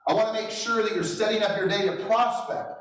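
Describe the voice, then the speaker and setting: A man's voice: high-pitched, fairly even intonation, fairly quick, fairly bright tone. A middle-aged man giving a motivational talk as a real estate trainer, telling stories with self-deprecating humor and chuckles. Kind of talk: motivational storytelling speech. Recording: echoey hall, distant mic.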